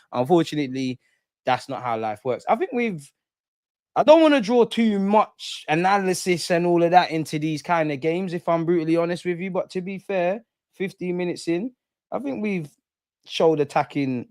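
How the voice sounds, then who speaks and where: Recorded dry, this young man's voice sits on the high side and sounds a little mellow. He's running a live football watch-along, commenting on the match with heated slang, banter and plenty of swearing.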